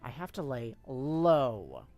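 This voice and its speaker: A streamer voicing a tough, secretive troll girl from a game, speaking in a gruff, curt and irritable way. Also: medium pitch, lively intonation, slow, soft background music, voice pushed down. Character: tough secretive female troll lurking in bushes.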